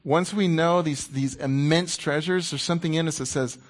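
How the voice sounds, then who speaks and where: A middle-aged man preaching a sermon in a conversational, playful way, dropping to a hushed voice when he quotes God. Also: fairly high pitch, steady tone, moderate pace.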